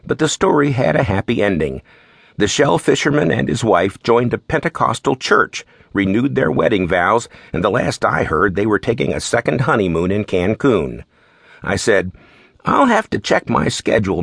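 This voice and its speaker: Wry low-voiced male audiobook narrator. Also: creaky, breathy edge, dry recording, studio quality. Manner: wry, relaxed storytelling. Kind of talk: first-person audiobook narration.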